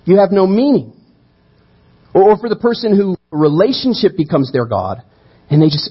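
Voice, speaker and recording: A man preaching a sermon, telling the story with animated energy and acting out the quoted voices. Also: high-pitched, moderate pace, pauses often, slightly rough, dull audio. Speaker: pastor.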